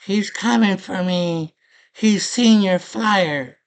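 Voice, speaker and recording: Shrill, slow-wailing scared princess put on by a man retelling a movie, high and pleading. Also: gravelly, exaggerated voice. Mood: frightened. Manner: high, drawn-out falsetto wail.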